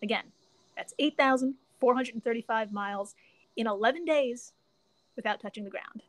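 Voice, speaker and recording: A woman hosting a casual podcast, excitable and swearing casually, laughing often. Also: a little high, normal speed, dry recording. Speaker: podcast host.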